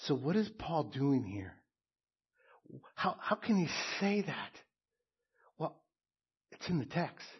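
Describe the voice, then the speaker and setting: Slow husky-voiced male preacher. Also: medium pitch, highs cut off. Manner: earnest, emphatic preaching with pauses and repeated phrases. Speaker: pastor. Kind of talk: sermon.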